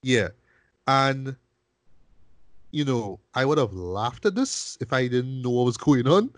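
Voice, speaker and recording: A man hosting a casual film review podcast, talking in an animated way and cursing freely. He keeps checking in with "right?" and stumbles over repeated words as he thinks. His voice sits in a middle range and sounds dry and close, with no room echo. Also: mid-range voice, takes it slowly.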